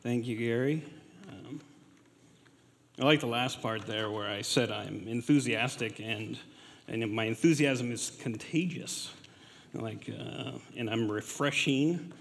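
A man in his forties giving a personal testimony in church, halting with many fillers and laughing at himself. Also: medium pitch, gravelly. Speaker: guest speaker. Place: church hall. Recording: reverberant hall.

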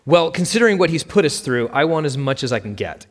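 A man's voice: on the high side, big pitch swings, fast talker, husky. A man playing a bitter, snappy mother. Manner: snappy, emphatic. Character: bitter, sharp-tongued divorcing mother. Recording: long hall reverb.

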